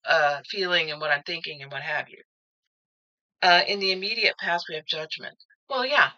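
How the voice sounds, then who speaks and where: A woman talks through a tarot reading in a loose, conversational way, often circling back and restarting her phrases. Her voice is strikingly bright and pointed. The recording is slightly dull and lo-fi. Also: lowish voice. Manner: musing, rambling, with frequent restarts. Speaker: tarot card reader. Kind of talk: casual spoken tarot reading.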